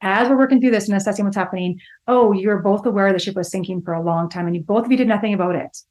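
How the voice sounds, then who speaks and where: A woman's voice: mid-range voice, racing, darkish tone. A woman co-hosting a podcast as a relationship psychologist, telling client stories in a rush with many restarts. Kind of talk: casual podcast conversation.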